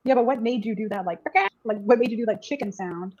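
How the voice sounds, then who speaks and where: A woman asking a guest questions over a muffled, lo-fi video call, hesitant and circling back on her words. She turns playful and teasing, with an everyday pitch. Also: fast talker, a crowd in the background. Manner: hesitant, lots of restarts, playful. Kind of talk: casual video-call interview.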